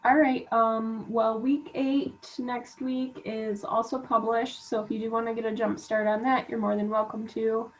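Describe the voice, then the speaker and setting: A woman's voice: fairly high pitch, unhurried, few pauses. Instructor woman giving class reminders. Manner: relaxed, filler-heavy reminders. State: unwell. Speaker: college instructor. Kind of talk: recorded class announcements. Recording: dull lo-fi class recording.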